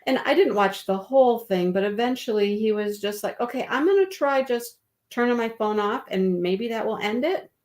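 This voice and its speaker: A woman's voice: on the high side, lively intonation, normal speed, a little mellow. A woman co-hosting a live crochet stream, telling stories and chatting casually. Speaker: co-host of a crochet livestream. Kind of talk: casual chat.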